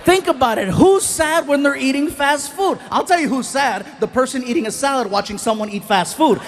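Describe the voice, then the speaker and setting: Stand-up comedian, high-voiced man, animated storyteller, live stage. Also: brisk, slight background noise.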